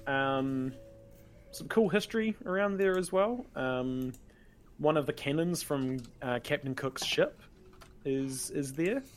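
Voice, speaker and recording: A man hosting a podcast game show in relaxed, casual chat full of "um" fillers. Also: a little high, slow pace, slight background noise. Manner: relaxed, many "um" fillers, informal.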